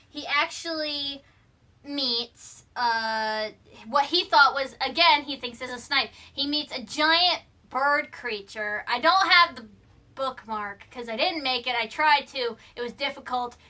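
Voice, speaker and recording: A woman's voice: high-pitched, sharp tone. A young woman vlogging from her room, casually retelling a film's plot with lots of fillers and restarts. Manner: rambling, full of fillers and restarts. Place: room at home.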